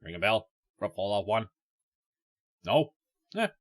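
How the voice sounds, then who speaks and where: A man's voice: lowish voice, lively intonation, unhurried. A man casually commenting on a game he plays, chatting to his viewers and reading the dialogue aloud. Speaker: let's play host.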